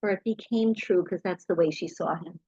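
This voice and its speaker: A husky, lowish-voiced middle-aged woman speaks at normal speed, telling an audience animated anecdotes and imitating the people she quotes. The recording is dry and muffled.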